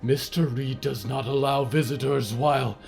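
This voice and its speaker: A man's voice: mid-range voice, fairly even intonation, moderate pace, creaky, a little mellow, faint music behind, voice pushed up, lightly acted. A man voicing a stitched, uncanny servant creature who speaks stiffly and formally, with no contractions. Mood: fearful.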